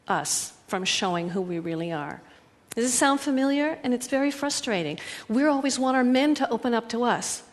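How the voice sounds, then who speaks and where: A woman relationship coach giving an earnest, animated talk that acts out little scenes. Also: medium pitch, long reverb tail.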